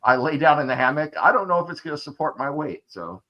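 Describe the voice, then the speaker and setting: A man playing a tabletop game over a video call, dry and deadpan, often trailing off with a shrug. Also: fairly high pitch, quick pace, lo-fi sound. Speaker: player.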